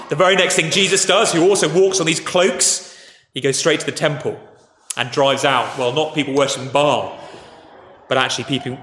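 A man preaching a sermon, telling a story in a relaxed conversational way and speaking to the children too. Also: medium pitch, slight background noise. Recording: echoey hall with faint ambience.

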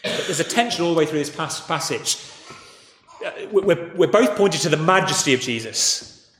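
A man preaching a sermon, telling a story in a relaxed conversational way and speaking to the children too. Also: a little high, moderate pace, slight background noise. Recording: echoey hall with faint ambience.

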